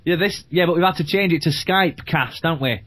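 Young man, a bit high voice, jokey casual chat, laughs often, video call. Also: fairly quick, fairly bright tone. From southern England. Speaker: podcast co-host.

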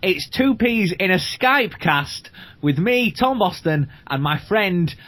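A man's voice: high-pitched, animated, slow pace, fairly bright tone. A young man from southern England co-hosting a podcast, chatting casually and laughing a lot over a video call. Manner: laughs often, jokey. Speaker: podcast co-host.

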